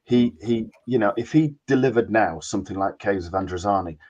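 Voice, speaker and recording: A man co-hosting a fan review panel, making measured, emphatic points in a casual discussion. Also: on the low side, a little mellow, lo-fi sound.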